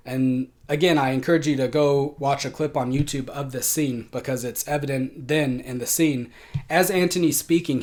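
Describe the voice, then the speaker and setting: A man teaching an online college writing class, talking in a conversational way with frequent fillers. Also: medium pitch.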